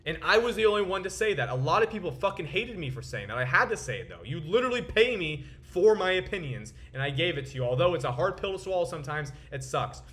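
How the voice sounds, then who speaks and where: A man's voice: a little high, very animated, fast talker, few pauses, a bit bright. A young man hosting his own crypto trading channel, ranting to camera in profane, boastful market commentary with a frustrated edge. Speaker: crypto trader and video host.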